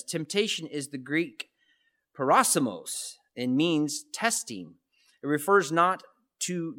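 Man, sermon, slightly high voice, conversational, rhetorical questions, restarts phrases. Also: a bit bright. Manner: conversational, repeats words and asks rhetorical questions. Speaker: pastor.

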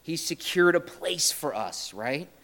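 A man's voice: a little high, unhurried, gravelly. Conversational male pastor preaching. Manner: conversational, often adding "right?"; retells scripture with lively paraphrase. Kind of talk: sermon.

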